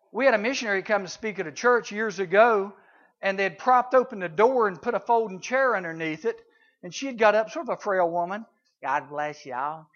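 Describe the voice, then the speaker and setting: A man's voice: sits high, sharp tone. A middle-aged man teaching youth in a folksy way, telling stories with sound effects and voices. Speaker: camp speaker. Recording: dull lo-fi recording.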